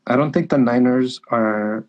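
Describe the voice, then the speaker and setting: A man's voice: mid-range voice, measured pace, muffled recording. A man hosting his own livestream, chatting casually and joking around with a guest. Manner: playful, jokey banter. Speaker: livestream host.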